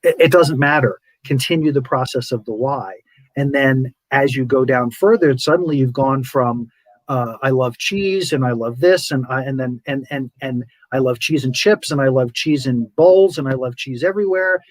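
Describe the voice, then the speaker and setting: In casual spiritual talk on his podcast, a man speaks animatedly at a moderate pace in a medium pitch. He voices his inner thoughts aloud and repeats words for emphasis, over poor audio with no room sound.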